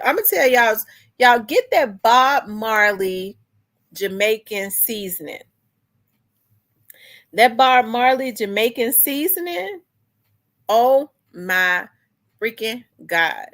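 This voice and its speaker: A woman's voice: a little high, expressive, takes it slowly, pauses often, fairly bright tone. A woman hosting a casual livestream, chatting with viewers in a loose, rambling way. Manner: chatty, restarts and talks back to chat comments. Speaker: livestream host. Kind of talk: casual chat with live viewers.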